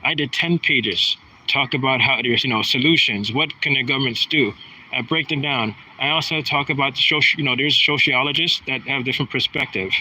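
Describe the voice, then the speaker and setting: A man's voice: mid-range voice, a little fast, sharp tone, husky, low-quality recording. A man in his thirties talking in a rambling, aggrieved monologue, often restarting his sentences. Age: 30s. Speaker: vlogger. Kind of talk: casual monologue.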